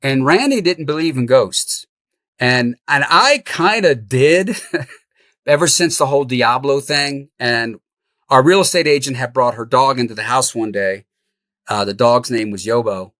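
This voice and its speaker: Middle-aged male guest, lively raconteur with a mid-range voice, dry close sound. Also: medium pitch, a little slow, dry recording. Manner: animated, laughs through the tale. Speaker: podcast guest, house flipper. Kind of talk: storytelling in an interview.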